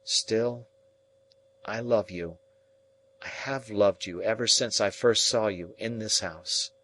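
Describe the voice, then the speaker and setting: A man's voice: fairly low pitch, slow pace, a bit bright, a little hiss or hum. A man reading an earnest, lovesick young man who speaks in a pleading, heartfelt way.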